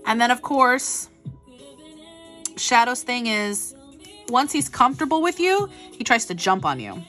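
A woman vlogger telling a rambling, animated story in casual chat, full of asides. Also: mid-range voice. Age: adult with a child.

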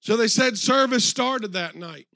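A preacher tells a story from the pulpit in a high voice. The sound is dry and close. He quotes the people in his story at length, slowing down and rising in force on the key words. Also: animated, sharp tone, no echo. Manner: retells a story with many quotes, slows and swells for emphasis. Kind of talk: sermon storytelling. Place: church.

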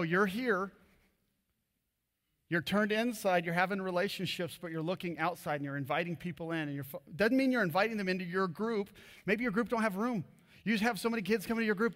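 Man, preacher, high-pitched, animated, storytelling, echoing church hall. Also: a little fast. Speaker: pastor. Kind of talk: sermon. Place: church auditorium.

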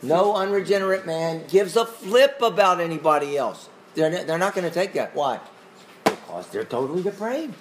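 A man's voice: sits high, expressive, normal speed, a little hiss or hum. A man teaching a Bible class who questions his listeners in a conversational way and chuckles often.

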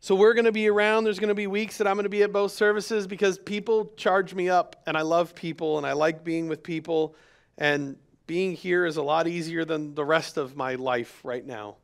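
A man's voice: fairly high pitch, fairly even intonation, moderate pace, clear, resonant tone. A man, a pastor, speaking candidly to his congregation in a sermon, telling a personal story with quoted dialogue. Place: church sanctuary.

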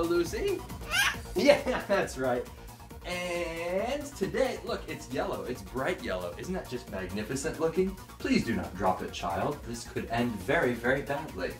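A man's voice: on the high side, sing-song, measured pace. Playful man reviewing gadgets over music. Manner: playful, mock-formal, jokey asides. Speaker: product reviewer. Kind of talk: casual product review demo. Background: music from the speaker.

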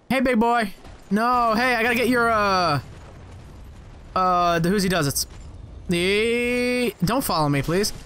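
Gameplay commentator, male, high-pitched, profane and jokey, talks straight at game enemies. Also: sharp tone, slight background noise. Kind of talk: let's play commentary.

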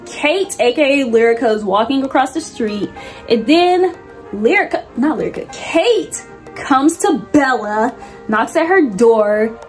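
Animated young woman recapping a movie. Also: measured pace, faint music behind. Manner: animated and slangy, with lively swoops in pitch. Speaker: movie reviewer. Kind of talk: casual movie plot recap.

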